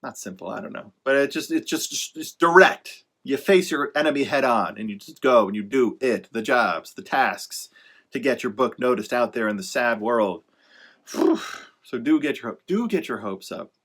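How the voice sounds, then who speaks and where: Speaking at a normal speed in a mid-range, somewhat bright voice, a male author gives writers easygoing pep talk. He drifts, fixes his own wording as he goes, and encourages them emphatically between sarcastic asides.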